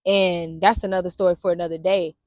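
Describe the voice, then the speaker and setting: This woman's voice is lowish, flat and darkish, and she talks briskly, captured in a dry, clean studio sound. A young vlogger and Navy veteran, she candidly recounts her own story outdoors in the sun and wind, full of slang and swearing, speaking directly to "y'all."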